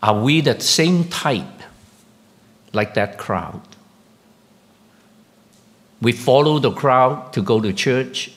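Slow-speaking pastor preaching a sermon. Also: male voice, lively intonation. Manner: slow, halting delivery with questions to the congregation; rises sharply in pitch and volume when emphatic.

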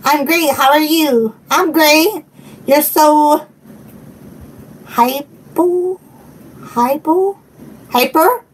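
A woman's voice: high voice, slow pace. A woman hosting a casual live stream from home, giggling a lot and chatting to her viewers and her dog. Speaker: channel host. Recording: from a bit far off the mic, faint room noise.

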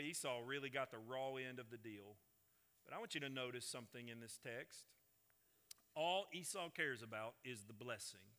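A man's voice: mid-range voice, pushed and bright, in a large hall. A man preaching a sermon, reading scripture dramatically and explaining it to his congregation. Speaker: pastor.

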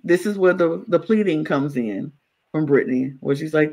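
A man co-hosting a podcast in casual chat, talking in an animated way and acting out other people's words. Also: moderate pace, creaky, low-quality recording. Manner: animated, acts out quotes in high exaggerated voices. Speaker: podcast co-host.

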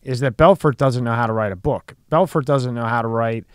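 A man's voice: medium pitch, fairly quick, clear, resonant tone, dry recording. Guy hosting a podcast, keeps pushing his point, dry close mic. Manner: persistent, talks through his point with many fillers. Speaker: podcast host. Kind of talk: casual podcast chat.

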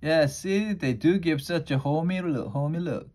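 A man voicing a simple-hearted, literal-minded housemaid in a homey, folksy drawl, a little above his usual pitch. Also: normal speed, a little mellow, natural voice.

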